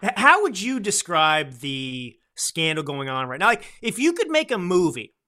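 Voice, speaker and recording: A man hosting a political talk podcast, talking close to the mic with a bright, forward edge. His voice sits somewhat high for a man. He rambles and swings from near-shouting to a near whisper. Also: normal speed. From United States. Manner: animated, rambling, swings between loud and soft. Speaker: podcast host. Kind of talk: political commentary monologue. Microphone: close studio microphone.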